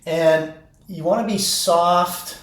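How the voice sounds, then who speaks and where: A man who coaches teachers, explaining classroom steps in a calm, unhurried way and repeating key words. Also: fairly high pitch, slight background noise. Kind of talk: instructional talk to teachers. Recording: echoey room.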